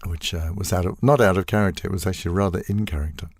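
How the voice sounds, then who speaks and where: An older man, a voice actor guest telling animated stories in a casual interview and acting out quoted lines. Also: low voice, very fast, dry recording, clean studio sound. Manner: animated storyteller, acts out quoted lines, laughs often.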